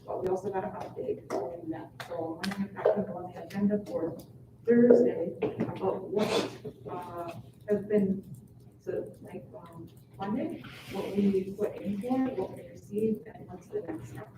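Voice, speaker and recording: A woman on a council speaking softly and hesitantly. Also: mid-range voice, normal speed. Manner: soft, hesitant, trailing off. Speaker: council member. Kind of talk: council meeting remarks. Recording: distant, echoey, noisy.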